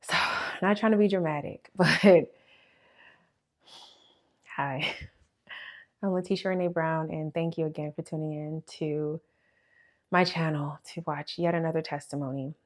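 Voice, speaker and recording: Young woman vlogger, low voice, earnest emotional testimony, sighing, fighting tears. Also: fairly even intonation. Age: young adult. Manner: heartfelt, with sighs and pauses, holding back tears. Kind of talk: emotional personal testimony to camera.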